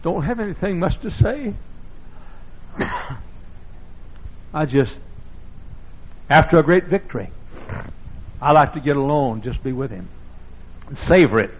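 An older man from the South, a pastor, preaching a sermon, husky and gravelly, and now and then breaking into sudden loud shouts. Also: fairly high pitch, expressive, a little slow, long pauses, a little hiss or hum. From American South. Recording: dull lo-fi sermon recording.

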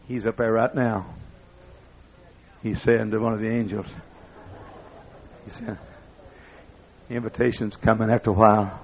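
Older man, gravelly preacher voice, folksy sermon storytelling, dull lo-fi recording. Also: lowish voice, moderate pace, long pauses. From East Texas. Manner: folksy storytelling that builds to excited shouting.

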